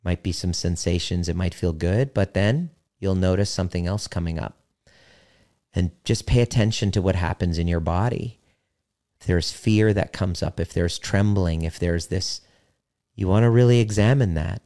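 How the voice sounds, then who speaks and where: A man talking as a relationship coach, earnest and blunt, swearing for emphasis and slowing down to stress his key points. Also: sits low, mellow. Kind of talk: motivational talk to listeners.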